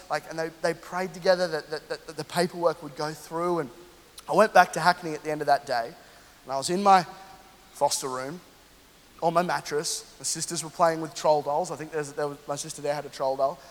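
A man in his thirties from London, a pastor telling an animated, humorous story during a sermon and speaking straight to the congregation. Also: on the high side, normal speed. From London, England. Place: church hall. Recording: long hall reverb.

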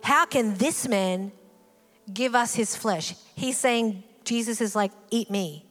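A woman preaching a sermon in a church hall, animated and acting out the voices in the story. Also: a little high, slow. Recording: hall reverb with faint music.

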